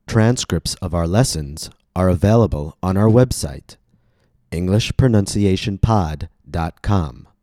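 Male host, American accent, low mellow voice, deliberate scripted teaching read, dry close mic. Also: lively intonation, no room sound. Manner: slow, carefully enunciated teaching delivery. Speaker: pronunciation podcast host. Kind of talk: scripted pronunciation lesson.

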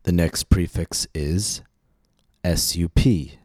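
A man with a deep, mellow voice leads a scripted pronunciation lesson. He speaks slowly and enunciates each word with care. The recording is dry, with no room sound. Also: dry recording. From United States. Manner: slow, deliberate, clearly enunciated drills. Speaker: pronunciation teacher and podcast host.

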